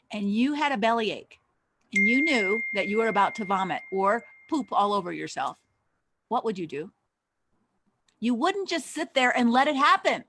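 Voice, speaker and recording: A woman's voice: on the high side, a bit bright, dry recording. An older woman giving a conversational teaching talk as a Christian counselor, asking many rhetorical questions.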